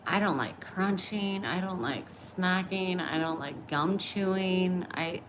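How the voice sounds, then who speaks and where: A woman's voice: lowish voice, measured pace, hardly any pauses, a bit bright, slight background noise, poor audio. A middle-aged woman talking bluntly and openly in a casual vlog, oversharing about her personal life. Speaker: vlogger. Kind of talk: candid casual chat.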